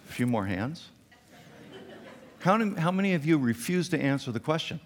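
A male pastor preaching a sermon, animated and acting out the quotes with a raised voice. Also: moderate pace. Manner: animated, acts out quotes with raised pitch and volume. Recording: long reverb in a large hall.

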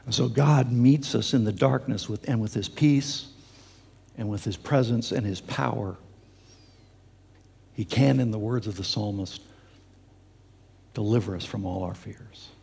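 Gravelly-voiced pastor preaching in a hall. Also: male voice, lowish voice, a little slow, pauses often, dark tone. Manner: earnest preaching with fillers and restarts. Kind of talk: sermon. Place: church sanctuary. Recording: long hall reverb.

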